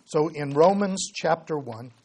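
A man preaching a sermon, quoting scripture slowly and swinging between loud emphasis and quiet asides. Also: a little high, animated, a little hiss or hum. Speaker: pastor.

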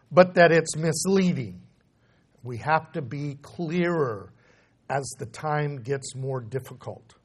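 A middle-aged man preaching a sermon, swinging between loud emphatic declarations and low, quiet stresses.

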